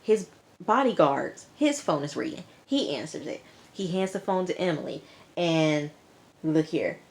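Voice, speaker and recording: Lively low-voiced woman recapping TV. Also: unhurried, slight background noise. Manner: lively retelling with slang and acted-out quotes. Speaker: TV review vlogger. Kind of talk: casual episode recap.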